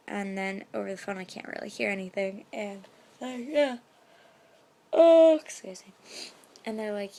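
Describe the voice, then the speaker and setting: A woman's voice: mid-range voice, fairly even intonation, moderate pace, a little mellow, a little hiss or hum. A young woman telling a story in a casual vlog, chatty, with lots of fillers, often slipping into a whisper, filmed on her phone in her bedroom at night. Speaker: vlogger. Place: bedroom at night, window open. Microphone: phone camera.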